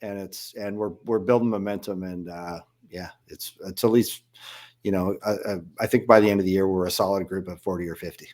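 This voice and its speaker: A man's voice: low voice, fairly even intonation, a little fast, darkish tone. A man from Canada, president of a fan club, chatting in an easygoing way with many fillers. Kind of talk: casual chat.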